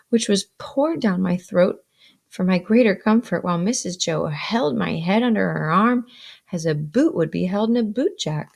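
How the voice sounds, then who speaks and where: A woman's voice: lowish voice, creaky, darkish tone. A woman teacher reading a novel aloud and stopping to explain words to her students, with some "um" fillers.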